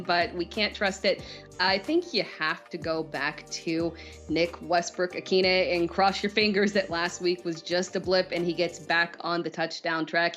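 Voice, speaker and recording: A woman's voice: fairly low pitch, a bit bright. A woman giving confident fantasy football advice in a conversational way. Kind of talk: conversational sports analysis.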